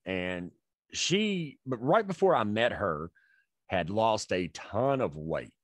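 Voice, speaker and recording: A man's voice: fairly low pitch, sing-song, slow, dry recording. A man co-hosting a podcast, telling a rambling, profane story in casual chat. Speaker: podcast co-host.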